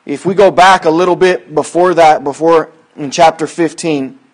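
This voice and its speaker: A man preaching a sermon in a folksy, conversational way, quoting scripture and swinging from loud emphatic lines to hushed asides. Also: on the high side, steady tone, normal speed. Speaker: pastor.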